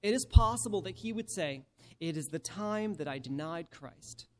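High-voiced male pastor, reads scripture with emphatic, deliberate stress. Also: lively intonation, slight background noise. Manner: emphatic, slows down to stress key phrases. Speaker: preacher. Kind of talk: sermon with scripture reading.

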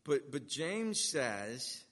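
A man preaching a sermon as a pastor, emphatic, swinging between loud stresses and hushed asides and slowing down to drive points home. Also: mid-range voice, very animated, big-room sound.

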